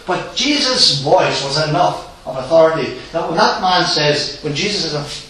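A man preaching a sermon in a church, telling the story with animated acted-out voices. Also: a little high, moderate pace, few pauses. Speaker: visiting preacher. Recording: roomy echo, distant mic, faint hiss.

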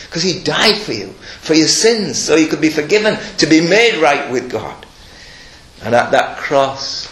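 A man's voice: medium pitch, fairly bright tone, reverberant. An older man preaching a sermon, earnest and emphatic, mixing scripture with personal stories.

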